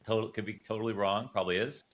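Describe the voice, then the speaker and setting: Low-voiced hedging Canadian man. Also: steady tone, quick pace. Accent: Canadian English drifting toward Swedish-tinged English. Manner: tentative, hedges his takes. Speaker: esports analyst guest. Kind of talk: casual podcast debate.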